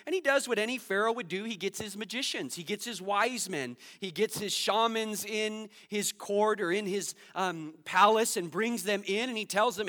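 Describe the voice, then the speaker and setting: Pastor, male, high bright voice, lively storytelling delivery with a long hall echo. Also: normal speed, few pauses. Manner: animated, acts out quotes in his story, laughs at himself. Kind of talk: sermon with storytelling.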